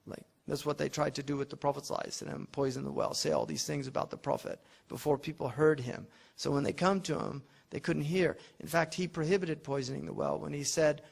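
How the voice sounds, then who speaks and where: Gravelly-voiced man lecturing. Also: a little high, steady tone, fast, hardly any pauses. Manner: conversational and digressive, with frequent restarts and fillers; explains with everyday examples. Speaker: teacher of classical logic. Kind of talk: unscripted classroom lecture.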